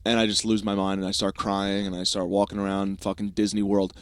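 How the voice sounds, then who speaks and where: A man's voice: low voice, brisk, clean tone, no echo. Swearing young man telling a story. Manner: profane, animated storytelling with voiced asides. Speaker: podcast host. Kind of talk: comedic storytelling monologue.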